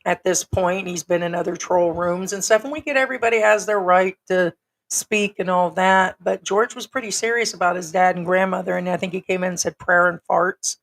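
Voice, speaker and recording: A middle-aged woman from the United States, hoarse and raspy from being sick, hosting a casual livestream chat in a frank, rambling way. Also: on the low side, a little fast. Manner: rambling, frank, with many ums. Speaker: livestream host.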